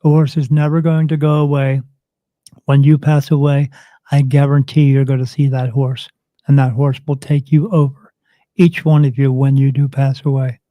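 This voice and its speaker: A man's voice: medium pitch, normal speed, no room sound. A man, a spirit medium guest on an interview show, telling a story and acting out the dialogue of the people in it. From United States. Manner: animated retelling, acts out quoted dialogue.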